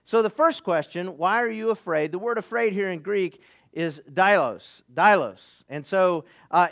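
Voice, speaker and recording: Man, high-pitched, sermon, earnest, stumbling restarts, fillers. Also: fairly bright tone. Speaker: pastor.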